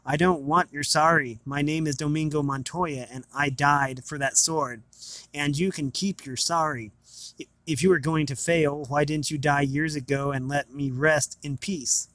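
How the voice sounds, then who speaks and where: A man's voice: a little high, steady tone, moderate pace, fairly bright tone, dry recording, lightly acted. A man reading aloud as the bitter, reproachful ghost of a dead father.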